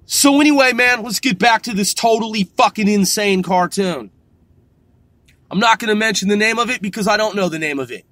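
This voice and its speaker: A man podcasting, ranting angrily with lots of swearing and sudden loud outbursts. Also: sits high, brisk, no echo. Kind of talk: profane rant.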